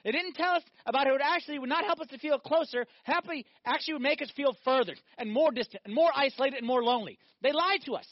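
A male priest giving a sermon, animated, firing off rhetorical questions and acting out little scenes. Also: very high-pitched, fast talker, hardly any pauses, no room sound, dull audio.

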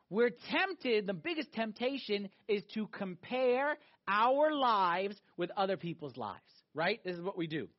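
High-voiced male preacher, emphatic. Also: animated, unhurried, few pauses, highs cut off. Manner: emphatic and conversational, repeating key questions. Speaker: pastor. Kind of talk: sermon.

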